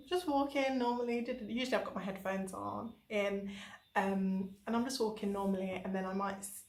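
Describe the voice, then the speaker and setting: English woman rambling thru her travel diary, lots of ums, a bit echoey. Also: mid-range voice. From England. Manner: chatty, animated storytelling with many fillers. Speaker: travel vlogger. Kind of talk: casual travel diary chat.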